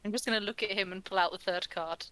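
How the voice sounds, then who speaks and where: Bright-voiced woman playing a tabletop game. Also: mid-range voice, steady tone, fast talker. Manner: descriptive, declaring actions. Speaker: player.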